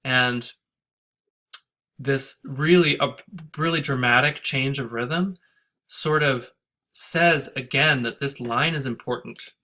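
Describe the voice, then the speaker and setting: Guy teaching poetry scansion, bright forceful voice, reads verse all sing-song, thinks out loud. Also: medium pitch, slow pace. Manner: thinking aloud, hesitant restarts; speaks lines of verse in a sing-song rhythm. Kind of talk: recorded lecture on poetry scansion.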